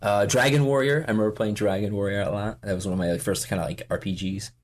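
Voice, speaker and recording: A man in his forties talks in a casual interview, his voice sitting very low. He rambles, stops and restarts, filling gaps with "uh" and "you know". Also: fairly even intonation. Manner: rambling, halting, many fillers and restarts. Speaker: podcast guest.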